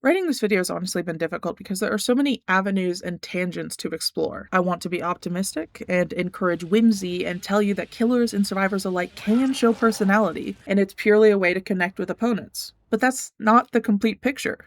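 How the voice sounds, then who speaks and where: A gaming YouTuber narrating a scripted video essay in a measured, thoughtful, earnest way. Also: mid-range voice, dry recording.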